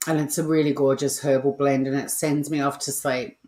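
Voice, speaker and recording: A chatty Australian woman with a low voice talks loosely to her viewers in a kitchen livestream, swearing casually and joking along. The sound is roomy, with echo off the kitchen walls through a modest home mic. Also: flat delivery, brisk, a little mellow. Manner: chatty, swears freely, playful asides to viewers. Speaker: cooking livestream host.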